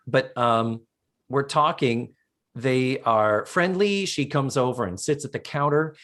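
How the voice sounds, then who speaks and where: A man co-hosting a podcast, giving a casual, lively recap of a TV episode and swearing freely. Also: medium pitch, slow. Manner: animated storyteller, swears casually. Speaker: podcast co-host.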